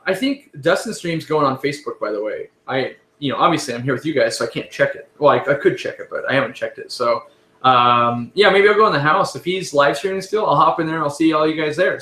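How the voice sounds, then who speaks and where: A man hosting a casual live stream, answering viewer questions in a relaxed, rambling way and often correcting himself. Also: fairly high pitch, fairly quick, echoey room.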